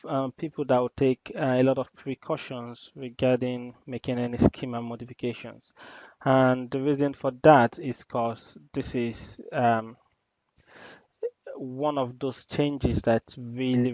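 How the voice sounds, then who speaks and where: A man teaching an IT lesson in a screen-recorded demo, explaining each step in a relaxed way with many ums and uhs. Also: medium pitch, no room sound. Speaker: IT instructor. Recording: dull, lo-fi dry voice-over.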